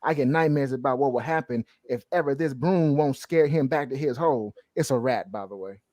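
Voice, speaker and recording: A man reading aloud a comic's lines for a weary, kindly tenant mother in a run-down flat, mocking the stiff wording. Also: a bass voice, fairly quick, no room sound.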